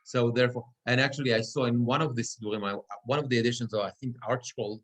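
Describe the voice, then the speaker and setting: A man's voice: medium pitch, fairly even intonation, fast, fairly bright tone. Man teaching Torah reading. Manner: patient, explains step by step, checks students follow. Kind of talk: class instruction. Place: synagogue classroom or online class.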